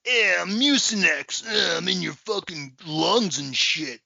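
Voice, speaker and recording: A man voicing a brash, swearing male glob of snot from a commercial, with a gruff Brooklyn mobster accent. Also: sits high, animated, takes it slowly, pushed and bright, dry recording, highs cut off, heavily acted.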